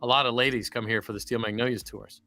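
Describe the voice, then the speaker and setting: A man's voice: medium pitch, steady tone, quick pace, bright, forceful tone. A man with a Southern US accent from Louisiana, chatting casually as a voice actor on a livestream and rambling into stories.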